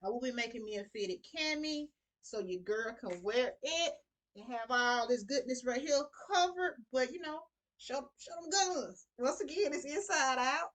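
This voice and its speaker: A middle-aged woman talks through a sewing project in a chatty, easygoing way, calling her viewers y'all. Her voice sits a little high for a woman, and she sounds like she's at home in her sewing room. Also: animated, normal speed, a bit bright. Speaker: sewing vlogger. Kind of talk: casual sewing tutorial.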